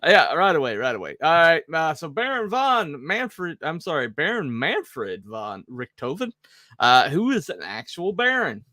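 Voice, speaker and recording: A man's voice: a little high, huge pitch swings, measured pace, bright, forceful tone, no room sound, studio quality. Rambling man on a podcast. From Southern United States. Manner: rambling, self-mocking, full of fillers and asides. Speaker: podcast co-host. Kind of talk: casual chat.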